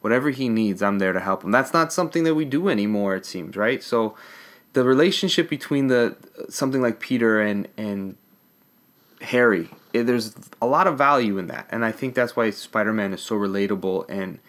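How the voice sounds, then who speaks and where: A man as a podcast guest, talking about comics in a thoughtful, halting way. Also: fairly low pitch, a bit bright. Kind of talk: casual comic book discussion.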